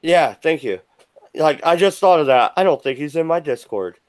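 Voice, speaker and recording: Buzzed, profane streamer ranting with swings. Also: male voice, on the high side, lively intonation, normal speed, dry recording. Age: adult with children. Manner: angry, profane, swings between shouting and muttering. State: a little buzzed. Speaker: livestream host. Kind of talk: profane live-stream rant. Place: at home at his desk.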